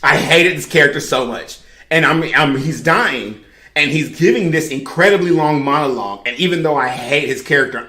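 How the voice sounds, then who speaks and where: A woman on a podcast panel, telling her story in an animated, emphatic way in casual chat. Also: low-pitched, moderate pace, roomy sound, slight background noise. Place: podcast studio room.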